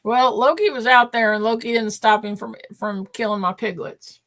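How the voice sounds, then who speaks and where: A podcast co-host with a fairly high, fairly bright voice speaks at normal speed with fairly even intonation. In casual chat, she tells a story in a rambling, emotional way, restarting her sentences many times.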